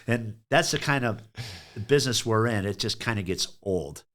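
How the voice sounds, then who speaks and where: A man's voice: on the low side, expressive, normal speed, a bit bright. Blunt, salty-talking middle-aged man. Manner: blunt, profane, acts out customer calls. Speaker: guest, truck repair shop owner. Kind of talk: casual podcast storytelling.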